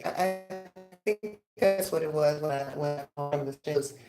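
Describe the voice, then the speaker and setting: Low-voiced, lively radio host woman. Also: moderate pace, music in the background. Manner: animated storyteller, rising pitch when excited. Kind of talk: casual interview chat.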